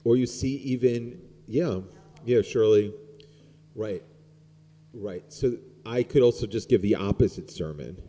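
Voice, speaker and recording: A man's voice: fairly low pitch, a little slow, mellow. A middle-aged man, a rabbi, giving an informal sermon in a rambling, conversational way full of fillers. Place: synagogue sanctuary. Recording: long hall reverb.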